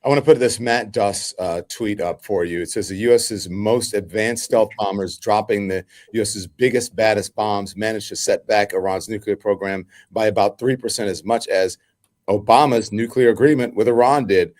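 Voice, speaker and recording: Animated man hosting a live talk show. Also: fairly low pitch, moderate pace, no echo, clean studio sound. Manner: animated, laughing, with many fillers. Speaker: host.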